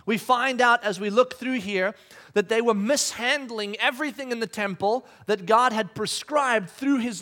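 A man in his thirties delivers a sermon in a strikingly high voice. He talks conversationally, often restarting his sentences, and acts out each bit of quoted dialogue as he tells his stories. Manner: animated storytelling, acting out quoted dialogue. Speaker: pastor.

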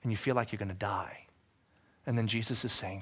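A male pastor giving a sermon in a church, talking conversationally, asking the congregation questions and moving between quiet moments and shouting. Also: fairly low pitch, steady tone, fairly quick, slightly rough.

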